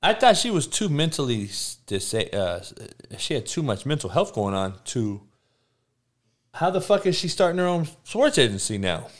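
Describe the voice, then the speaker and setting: A man's voice: on the high side, sing-song, normal speed. A middle-aged man ranting as a podcast host, blunt, sarcastic and heavy on profanity, often stammering through restarts. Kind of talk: profane rant.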